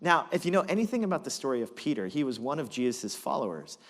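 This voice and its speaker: A man preaching as pastor, telling a story with animated, dramatic delivery. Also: medium pitch, fast talker, in a large hall. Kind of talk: sermon.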